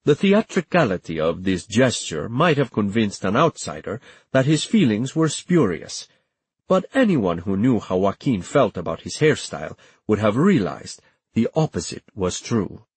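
A man narrating an audiobook in a measured storytelling manner. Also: on the low side, very animated, slightly rough, dry recording.

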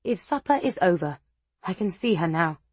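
A woman's voice: on the low side, animated, moderate pace, a little mellow, slightly rough, no echo. A woman voicing a fierce, blunt young warrior woman in an audiobook, curt and commanding. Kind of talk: audiobook character voice.

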